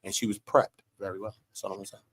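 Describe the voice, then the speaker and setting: A man's voice: lowish voice, flat delivery, very fast, fairly bright tone, breathy edge. A man on a livestream panel who talks in a streetwise, slangy, conversational way. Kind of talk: casual panel discussion.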